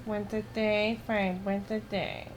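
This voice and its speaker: A woman's voice: mid-range voice, little pitch movement, slow, slight background noise. A young woman giving casual, blunt gameplay commentary, swearing and mocking the game. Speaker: gaming streamer.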